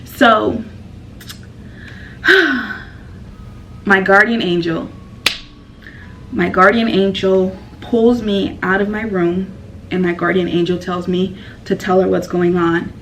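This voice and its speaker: A woman's voice: mid-range voice, steady tone, slow pace, pauses often, fairly bright tone, far from the mic, slight background noise, rough recording. A woman telling a personal story in a casual vlog, rambling and emotional with lots of fillers.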